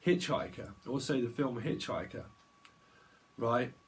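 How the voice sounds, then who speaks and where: A man's voice: mid-range voice, expressive, a little slow. A man giving a rambling psychic tarot reading, chatty and digressive, laughing often. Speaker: tarot reader.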